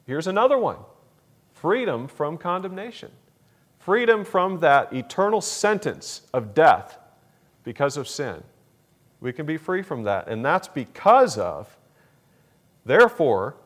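A man preaching a sermon, slow and deliberate, repeating key phrases for emphasis. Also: a little high, sing-song. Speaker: pastor.

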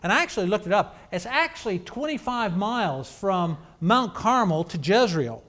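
A man's voice: high-pitched, sing-song, normal speed, fairly bright tone. A man preaching a sermon, telling a scripture account in a conversational, storytelling way.

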